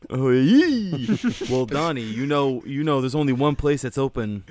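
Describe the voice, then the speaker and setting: Wry teasing man with lively pitch. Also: unhurried, a little hiss or hum. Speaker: player. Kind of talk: casual tabletop game chat.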